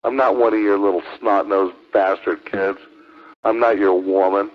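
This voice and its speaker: A man's voice: fairly low pitch, steady tone, normal speed. A man arguing on air as a ham radio operator, taunting and profane, repeating his accusations over and over. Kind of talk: heated on-air argument. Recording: lo-fi radio transmission.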